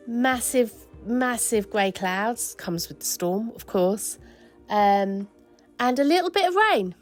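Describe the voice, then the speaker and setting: A woman's voice: a little high, dry recording. A middle-aged woman hosting a casual solo podcast, gushing and emotional, rambling with many restarts. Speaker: podcast host and spiritual coach.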